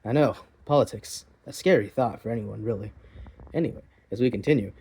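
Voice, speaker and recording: A man's voice: medium pitch, animated, normal speed, a little mellow, breathy edge. A man hosting a mock news broadcast in a plush comedy skit, rambling and mock-serious with many self-interruptions. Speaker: host of a plush comedy channel.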